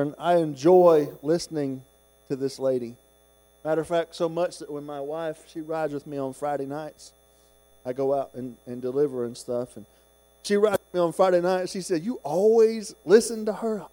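A middle-aged man preaching a sermon, moving from quiet conversational talk to shouted, sung-out exhortation. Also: high-pitched.

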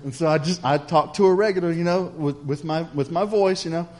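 Folksy preacher, fairly high voice. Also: male voice, a little fast. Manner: folksy, chatty, addresses the congregation directly. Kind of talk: storytelling sermon.

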